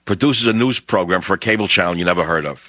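Ranting deep-voiced New York radio man. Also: quick pace, pushed and bright, no echo. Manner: ranting, sarcastic, pitch jumps high for emphasis. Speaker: talk radio host. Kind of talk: opinionated radio monologue. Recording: dry, dull lo-fi radio audio.

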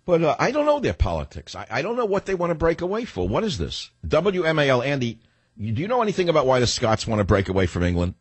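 A man's voice: fairly high pitch, huge pitch swings, fast, slightly rough, no room sound. A man hosting a talk radio show, rambling sarcastically through a loose monologue.

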